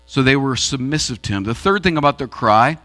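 A pastor preaching a sermon in a church auditorium, swinging between raised and hushed delivery. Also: male voice, medium pitch, animated, a little fast.

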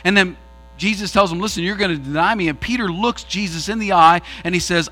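Male pastor, bright tense tone, dynamic preaching delivery, faint music under. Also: fairly quick. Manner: preaching with sweeping shifts in pitch and pace. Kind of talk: sermon.

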